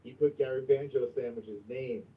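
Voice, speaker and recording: A man hosting a livestream in casual chat, crude and profane, going from mumbling to loud outbursts. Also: medium pitch, steady tone, normal speed, far from the mic. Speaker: livestream host. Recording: tinny phone-like sound from off mic.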